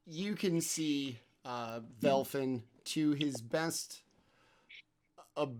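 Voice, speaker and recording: Slow, easygoing male game master. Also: mid-range voice. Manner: unhurried, loose narration with many fillers. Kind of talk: narrating a tabletop game.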